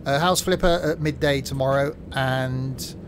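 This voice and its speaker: This is casual gameplay commentary from a man with a mid-range voice who talks a little slowly. He jokes and chats while describing his own driving on stream, and game vehicle sounds play behind him.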